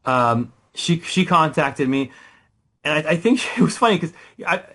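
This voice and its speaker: A man, a guest writer in a casual interview, telling stories with lots of restarts, quick laughs and rising excitement. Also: a little high. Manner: animated storytelling, many restarts, laughs often.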